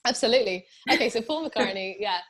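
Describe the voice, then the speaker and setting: A woman's voice: fairly high pitch, animated, quick pace, fairly bright tone, a little hiss or hum. A young British woman from England, a musician chatting casually in an interview, rambling with many fillers and laughs. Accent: British English. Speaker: musician guest.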